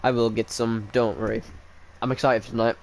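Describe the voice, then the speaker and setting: A man's voice: mid-range voice, little pitch movement, a little fast, gravelly, a little hiss or hum. A man casually commenting while he plays a game, joking at his own expense and chatting with viewers by name. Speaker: streamer. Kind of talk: casual live-stream commentary while gaming.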